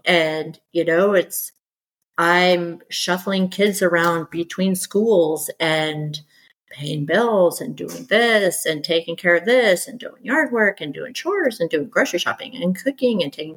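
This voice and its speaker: Middle-aged woman guest, low-ish voice, candid storytelling, animated and exasperated. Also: breathy edge, low-quality recording. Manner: animated, exasperated, quoting others in lively bursts. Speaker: podcast guest.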